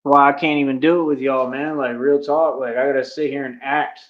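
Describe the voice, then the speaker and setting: A man's voice: medium pitch, fairly even intonation, a little fast. Brash, swaggering man on lo-fi audio. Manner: brash, swaggering, heavy use of "like". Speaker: streamer. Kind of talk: boastful rant to a stream audience.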